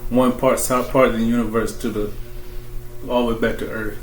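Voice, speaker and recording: A man's voice: medium pitch, little pitch movement, normal speed, soft background music. A man co-hosting a comic book podcast, laughing often, talking in slang and restarting his sentences. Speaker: podcast co-host. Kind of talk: casual comic book review chat. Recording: echoey room with faint hiss.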